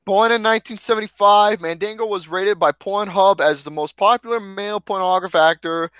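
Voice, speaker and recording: A man hosts a casual podcast, his voice pitched notably high. He reads list entries in a flat, deadpan way. The sound is dry and close, with no room around it. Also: fairly quick, clean tone, no room sound. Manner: deadpan, reads lists with a straight face. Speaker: podcast host. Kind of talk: casual podcast chat reading out lists.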